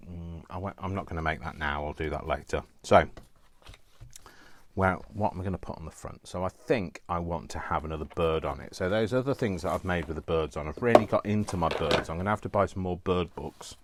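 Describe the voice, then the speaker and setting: A low, deep-voiced man with a Coventry accent chats his way through a crafting session. He rambles into asides and mocks himself good-naturedly, like he's talking to a friend across the table. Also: a little fast, slight background noise. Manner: chatty, self-mocking, rambling asides. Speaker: craft vlogger. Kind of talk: casual chat while crafting.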